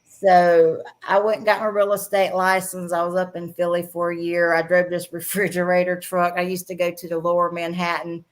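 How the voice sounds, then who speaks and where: A woman's voice: lowish voice, monotone, moderate pace, hardly any pauses. A middle-aged woman with a Southern accent, a guest telling frank stories in a casual chat, laughing often as she talks. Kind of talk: casual storytelling interview.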